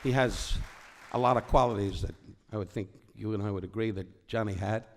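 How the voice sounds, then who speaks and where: A brisk, gravelly, lowish voice belongs to an older New York comedian guest telling rambling, joke-filled stories to a live audience, frequently interrupting himself. Some chatter sits behind him, along with a little hiss or hum.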